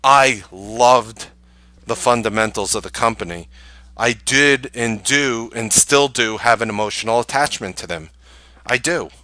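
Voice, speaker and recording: A man hosting a live trading stream, ranting casually to viewers in an animated, exasperated way and scoffing with short laughs. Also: medium pitch, measured pace, dry recording.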